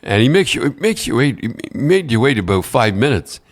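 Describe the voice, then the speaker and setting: An older man spins loose, stop-start stories in casual conversation. He keeps restarting his sentences and breaks into chuckles. His voice sits at an ordinary middle pitch. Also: big pitch swings. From Canada. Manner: rambling, halting storyteller who laughs often and repeats words. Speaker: co-host telling stories. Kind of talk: casual podcast chat.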